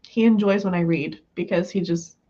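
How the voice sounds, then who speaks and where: A woman's voice: fairly low pitch, normal speed, dark tone, dull audio. A woman from the US West Coast chatting casually with viewers on a livestream, giggly and full of fillers, just over being sick. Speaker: livestream host.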